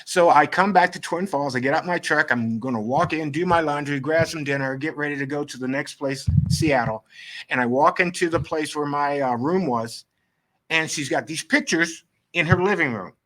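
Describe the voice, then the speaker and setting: Middle-aged male guest, lively storyteller, voices the people in his anecdotes. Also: fairly high pitch, normal speed. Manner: animated, acts out quoted dialogue. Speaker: photographer guest. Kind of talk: storytelling interview.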